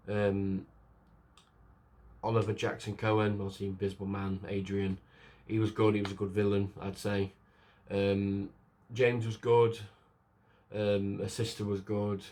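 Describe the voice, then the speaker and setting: A man's voice: on the low side, monotone, a little slow, darkish tone. A man giving a casual spoken film review, rambling with fillers and restarts and acting out characters' lines as he retells the plot. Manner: rambling, lots of fillers and restarts, acts out quotes.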